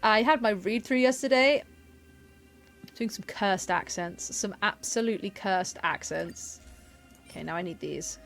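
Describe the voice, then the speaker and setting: A woman's voice: mid-range voice, measured pace, a bit bright, faint music behind. A woman from England chatting casually on a live gaming stream, rambling and often interrupting herself.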